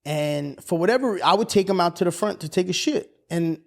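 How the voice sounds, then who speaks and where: A man's voice: high voice, expressive, a little fast, gravelly. A man, co-hosting a podcast, telling a story in a casual way and acting out the voices of the people in it, with a lot of swearing. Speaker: podcast co-host.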